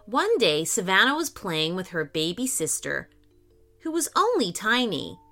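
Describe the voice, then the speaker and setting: A woman telling a children's story in slow, expressive storybook narration. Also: medium pitch, faint music behind. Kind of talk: scripted narration.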